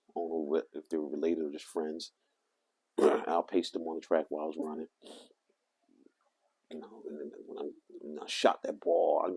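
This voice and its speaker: Gravelly, husky man telling a story. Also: rumbling low. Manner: animated, swinging from loud to hushed as he retells. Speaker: vlogger. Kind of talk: rambling personal storytelling.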